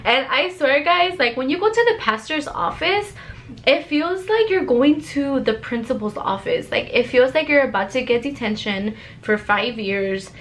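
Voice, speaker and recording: A young woman casually telling a personal story to her viewers, chatty and animated, with lots of "like". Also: high-pitched, normal speed, slight background noise.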